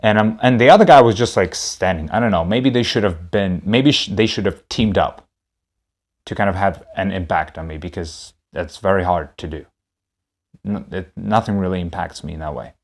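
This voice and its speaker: A man's voice: sits low, normal speed. A man telling a comedic story on a podcast, rambling and repeating himself.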